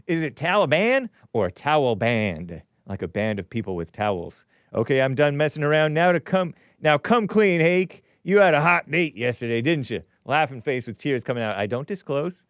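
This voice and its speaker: A man's voice: mid-range voice, lively intonation, moderate pace, clean tone, no echo, studio quality. A man hosting a casual livestream, reading viewer comments aloud and giving opinionated asides with frequent chuckles. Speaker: show host.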